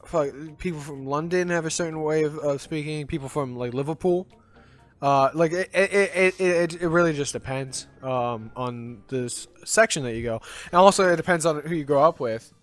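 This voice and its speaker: A man's voice: a little high, normal speed. A man co-hosting a casual couch chat over gameplay, talking loosely with swearing and stumbling restarts. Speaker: co-host.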